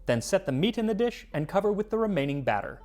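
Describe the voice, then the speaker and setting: A man's voice: sits high, sing-song, fast talker, darkish tone, soft background music. A man hosting a cooking history show in scripted narration, with playful, jokey asides.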